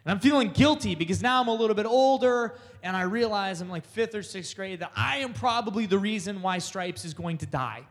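A man telling a comic personal story to an audience, animated and laughing along as he goes. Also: sits high, brisk, few pauses, long reverb tail. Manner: animated, laughs through his own story.

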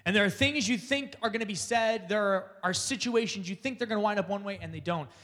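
High-voiced man telling a funny story. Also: quick pace, long reverb tail. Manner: animated, laughs through his own story. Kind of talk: comic storytelling to an audience.

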